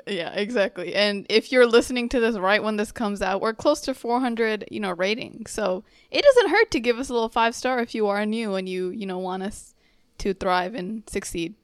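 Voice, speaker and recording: A woman co-hosting a podcast in casual chat, teasing her co-host and chiming in with quick agreement. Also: mid-range voice, lively intonation, clear, resonant tone, dry recording, studio quality.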